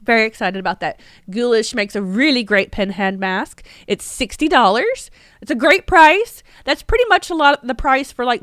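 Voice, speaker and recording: A woman running a casual live stream from her store, chatty and excitable, with lots of ums. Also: medium pitch, smooth, dry recording, clean studio sound. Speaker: shop owner hosting a livestream.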